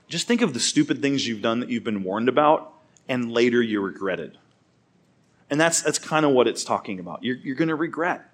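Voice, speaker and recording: A man preaching a sermon in an easygoing, conversational way. His voice sits in a middle pitch. He weaves a personal story into the teaching and speaks directly to the people listening. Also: fairly bright tone. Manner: casual, chatty, laughs through his story.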